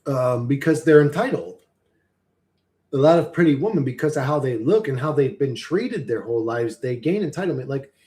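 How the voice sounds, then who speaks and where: A man's voice: fairly high pitch, dark tone. A man in a casual, rambling live-stream chat, swearing freely and chuckling often as he talks.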